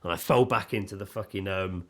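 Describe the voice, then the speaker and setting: Podcast co-host, man, slightly low voice, animated storyteller who plays out the dialogue. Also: fairly quick. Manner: animated, heavy swearing, acts out dialogue. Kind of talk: casual storytelling chat.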